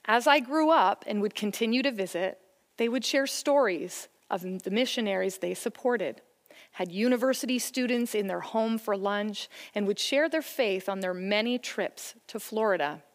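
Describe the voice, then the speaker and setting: A woman's voice: medium pitch, normal speed. Earnest woman preaching in a reverberant hall. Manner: earnest, encouraging, story-telling. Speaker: church speaker on family faith. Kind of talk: sermon talk.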